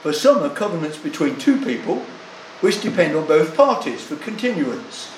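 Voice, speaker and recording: An older man preaching a sermon, deliberate and emphatic, leaning hard on single words. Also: a little high, big pitch swings, reverberant, slight background noise, low-quality recording.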